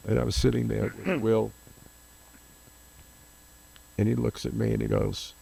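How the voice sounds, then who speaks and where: A man's voice: lowish voice, little pitch movement, unhurried, gravelly, warm tone, slightly rough. An older man, a photographer guest, telling long rambling anecdotes in an interview, often losing names and restarting.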